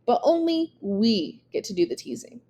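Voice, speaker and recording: A woman reading a verse novel aloud to listeners. Her voice is warm and mellow, and her delivery is measured and expressive. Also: fairly high pitch. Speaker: reader.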